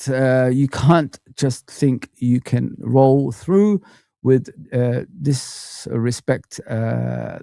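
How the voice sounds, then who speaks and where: Gravelly ranting man on a live stream. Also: mid-range voice, extremely slow, dry recording, clean studio sound. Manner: animated, ranting, talks to chat viewers. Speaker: football fan channel host.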